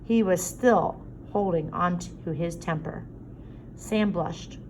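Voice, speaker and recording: A woman narrating a story aloud in a steady reading voice. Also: lowish voice, slow pace, a little hiss or hum, poor audio. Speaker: audiobook reader.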